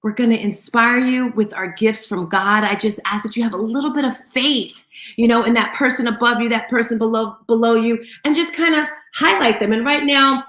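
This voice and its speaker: An upbeat woman hosts a live audio chat room and welcomes listeners one by one. Her voice sits a little high. The sound carries a roomy echo. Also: fairly bright tone. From Bermudian family. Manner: upbeat, greeting listeners by name. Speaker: host.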